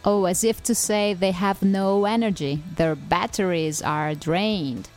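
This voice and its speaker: A woman's voice: mid-range voice, a little slow, darkish tone, faint music behind. A woman hosting a podcast, reading a scripted English-lesson dialogue in a cheerful, teasing way and laughing often. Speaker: podcast host.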